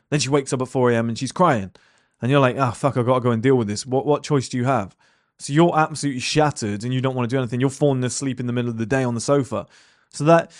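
A man's voice: medium pitch, no echo, studio quality. A young man talking bluntly at his desk, swearing and rambling with lots of fillers and rhetorical questions. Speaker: entrepreneur talking to camera. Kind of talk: casual monologue.

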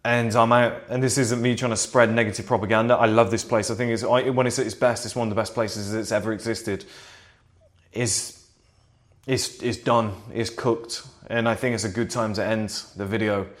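A man vlogging casually to camera from his seat at home, rambling, swearing freely and pushing a sales pitch. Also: flat delivery, normal speed. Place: seated at home in a flat. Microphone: camera in front of him.

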